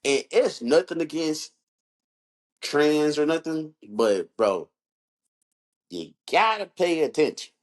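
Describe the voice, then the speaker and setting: A man's voice: on the high side, animated, slow, long pauses. A young man co-hosting a podcast, telling stories in loose, profane slang. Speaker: podcast co-host. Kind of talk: casual chat.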